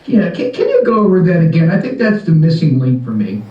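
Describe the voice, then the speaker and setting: A man's voice: on the high side, very animated, brisk, distant mic. A man asking his sales coach for help, hesitant and full of fillers, heard over a remote call. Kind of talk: casual conversation. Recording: roomy, dull sound away from the mic.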